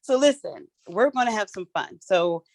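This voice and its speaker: A middle-aged woman, hosting an online workshop in a playful, animated, colloquial way, talking into her phone on a video call. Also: medium pitch, normal speed, no room sound. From Philadelphia, USA. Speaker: workshop host. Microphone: phone for audio on a video call.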